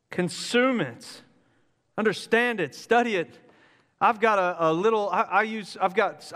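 Preacher guy, kinda high voice, joking around mid-sermon, big reverby hall. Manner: energetic, joking, conversational preaching. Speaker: pastor.

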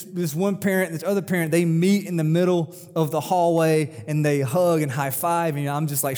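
A man's voice: fairly high pitch, darkish tone. A male pastor giving a conversational sermon, telling personal stories and growing emphatic when quoting. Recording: long hall reverb.

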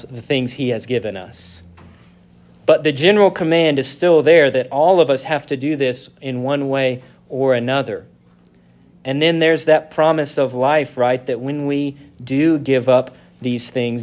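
A male pastor preaching a sermon, reading scripture slowly and leaning on key words. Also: mid-range voice.

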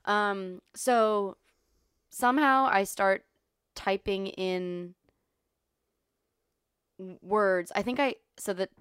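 A woman's voice: mid-range voice, drawn-out words, pauses often, a bit bright, clear, resonant tone, dry recording, clean studio sound. A woman co-hosting a podcast in casual chat, a yoga instructor who giggles and over-explains her stories.

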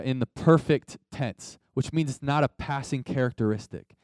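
Man preaching, conversational and emphatic, voice sits a bit high, dry close sound. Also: a little mellow, dry recording. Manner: conversational, emphatic, calls for audience response. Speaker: pastor. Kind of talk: sermon.

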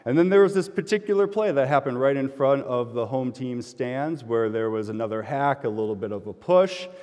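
A middle-aged man, a pastor, telling a personal story in a relaxed sermon, speaking conversationally and getting loud and animated when he gets excited. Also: mid-range voice, fairly quick. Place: church sanctuary. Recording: long hall reverb.

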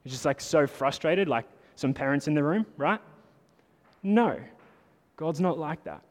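A man preaching a sermon in a casual, animated way, talking to the congregation like friends. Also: on the high side, a little slow. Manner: conversational, animated preaching with lots of "like". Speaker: pastor. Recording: long hall reverb.

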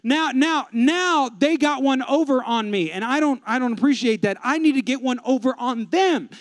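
Pastor in his 30s, high smooth voice, dry close sound, comic storyteller who talks to the congregation. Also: normal speed, no echo. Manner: animated, humorous, addresses the congregation. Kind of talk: storytelling sermon.

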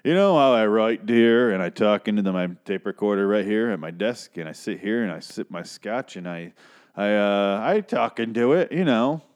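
A man imitating an older male writer who talks slow and measured while dodging questions. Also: lowish voice, animated, clean tone, close to an everyday voice. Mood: placating.

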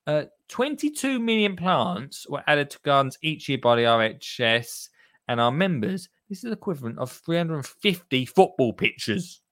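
The man heard here hosts a gardening show with a fairly high, fairly bright voice, big pitch swings and normal speed. It's casual radio-style chat, chatty and full of jokes and asides to listeners, recorded in the studio with no room sound.

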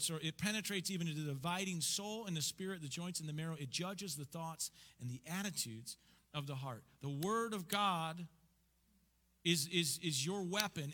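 Energetic preaching man in an echoing church. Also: high voice. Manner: energetic, emphatic preaching with call-and-response questions. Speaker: pastor. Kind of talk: sermon. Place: church sanctuary. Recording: church hall reverb.

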